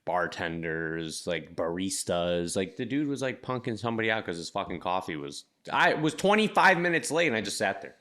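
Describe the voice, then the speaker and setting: A man's voice: low voice, very animated, normal speed, hardly any pauses, bright, forceful tone. A man co-hosting a casual podcast chat, laid-back and casually profane, often restarting his sentences. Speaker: podcast co-host.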